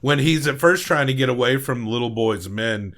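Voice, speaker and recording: A man hosts a casual film podcast, recapping scenes in a relaxed, rambling way. His voice sits at an ordinary middle pitch and is full of fillers and restarts. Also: moderate pace. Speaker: podcast host. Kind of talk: casual film review chat.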